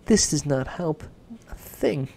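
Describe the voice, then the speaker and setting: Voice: medium pitch, lively intonation, slow pace, vocal fry, a little mellow, a little hiss or hum. A reader voicing a worried young queen who pleads earnestly in a storybook read-aloud. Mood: pleading. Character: worried young queen guarding her baby.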